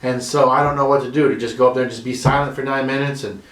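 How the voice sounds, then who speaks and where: Rambling comedian in an echoey room. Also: male voice, medium pitch, fairly even intonation, fast, fairly bright tone. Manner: rambling, self-deprecating, profane. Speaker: stand-up comedian. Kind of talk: casual comedy monologue to camera. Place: his own room. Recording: roomy home room echo.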